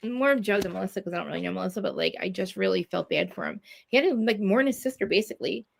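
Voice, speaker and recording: A woman's voice: medium pitch, very fast, creaky, slight background noise. A woman from New Jersey, ranting in casual chat, swearing a lot and restarting her sentences. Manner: profane, ranting, many restarts.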